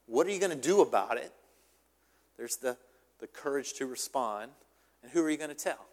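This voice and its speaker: A man's voice: medium pitch, moderate pace. Man preaching in a reverberant hall. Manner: lively preaching with repeated "right?" and restarts. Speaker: pastor. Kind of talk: sermon.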